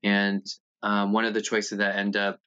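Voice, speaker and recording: A man in his thirties from the United States, candidly telling his life story in an interview, halting at times and animated when retelling scenes. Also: fairly low pitch, clear, resonant tone. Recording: dull, lo-fi sound.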